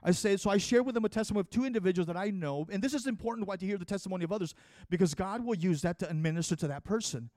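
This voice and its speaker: A man delivers a sermon in an earnest, conversational manner, often restarting his sentences. His voice sits fairly high for a man. The sound is dry and close. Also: fast, a little mellow, no room sound. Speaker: preacher. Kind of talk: sermon with personal testimony.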